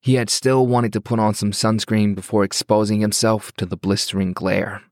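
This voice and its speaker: A man with a fairly low voice narrates a novel in a steady, measured way. The sound is close and dry, with no room around it. His delivery stays even and paced for listening. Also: no echo. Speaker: audiobook narrator. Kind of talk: scripted audiobook narration.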